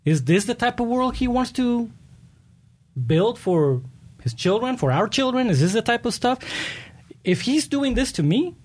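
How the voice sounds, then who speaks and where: A man's voice: extremely high pitch, moderate pace. A man running for local office, telling stories earnestly with frequent restarts in an interview. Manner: earnest, animated storytelling with many restarts. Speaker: political candidate. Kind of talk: conversational interview answers.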